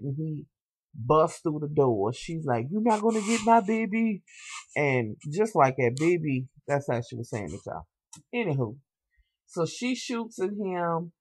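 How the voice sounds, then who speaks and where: Young man, sassy recap vlog, slangy and profane, fairly high voice. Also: no room sound. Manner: animated, sassy storytelling with slang and asides to viewers; swears freely. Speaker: TV show reviewer.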